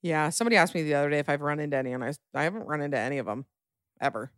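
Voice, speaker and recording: A woman's voice: low voice, no echo, studio quality. A woman hosting a podcast, bubbly and chatty, talking casually with her partner. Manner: bubbly, chatty, quick bursts. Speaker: podcast host. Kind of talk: casual chat.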